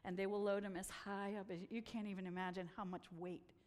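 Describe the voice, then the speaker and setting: A woman telling stories from a slideshow talk, animated and acting out the voices she quotes. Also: mid-range voice, fairly quick, long reverb tail. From United States. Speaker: speaker presenting photos.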